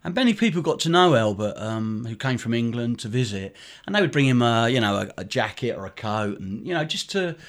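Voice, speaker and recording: A middle-aged man speaks in an interview with a voice of ordinary, middling pitch. He is a charity director telling a story in a loose, rambling way. His talk is full of ums and restarts. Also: sing-song, a little fast, few pauses. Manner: rambling with many fillers and restarts. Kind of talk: conversational storytelling.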